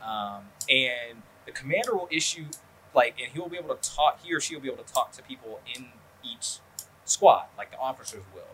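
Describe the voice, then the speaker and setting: A man's voice: mid-range voice, pushed and bright, a little hiss or hum. A man hosting a podcast who talks in a rambling, casual way. He swears often and fills his talk with ums and likes. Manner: rambling, profane, lots of fillers. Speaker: podcast host. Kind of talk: casual chat.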